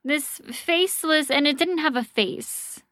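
A woman host casually telling a ghost story on a podcast, animated and swearing freely. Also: high voice, unhurried, no echo, clean studio sound.

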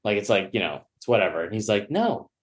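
A man telling a long story on a podcast, acting out the other people in it and swearing as he goes. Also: fast. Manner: animated storyteller, acts out quoted voices with pitch jumps; profane, joking. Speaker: podcast guest, sports media personality. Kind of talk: casual storytelling.

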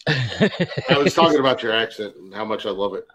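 A man with an Ohio accent, hosting a crude casual podcast chat, loud and laughing often. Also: fairly low pitch, animated, moderate pace, low-quality recording. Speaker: podcast host.

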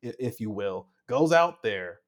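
Young male co-host, casual football chat, excitable, mid-range voice. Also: mid-range voice, measured pace. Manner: animated, gets worked up, acts out quotes. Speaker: podcast co-host.

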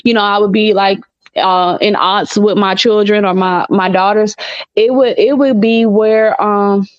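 Animated, laughing mother with a dull sound. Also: medium pitch, unhurried, dry recording. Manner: animated storyteller who laughs often and preaches scripture. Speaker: interview guest, mother. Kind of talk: casual conversational testimony. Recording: dull lo-fi dry recording.

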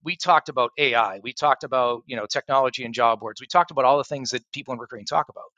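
A middle-aged man, a sales and recruiting coach, chatting as a podcast guest and acting out his phone pitches in animated stories. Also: fast, no echo, lo-fi sound. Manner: animated storyteller who acts out phone pitches. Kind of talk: casual podcast interview.

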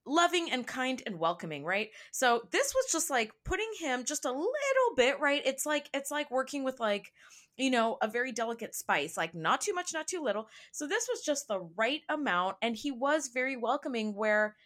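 A woman's voice: high voice, big pitch swings, normal speed, fairly bright tone. A woman podcast guest speaking frankly and playfully, with casual swearing. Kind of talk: casual chat.

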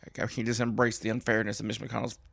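A man's voice: quick pace, gravelly, no echo. A man from Kentucky hosting his own show, ranting about politics in a casual, exasperated way, his voice leaping up for emphasis. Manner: animated and exasperated, jumps high in pitch for emphasis. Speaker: political commentary show host. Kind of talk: casual solo political rant.

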